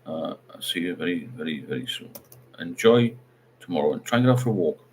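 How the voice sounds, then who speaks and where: A man's voice: deep voice, lively intonation, brisk, darkish tone, slight background noise. A middle-aged man, hosting a casual livestream chat and rambling while he reads out viewer comments. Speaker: livestream host.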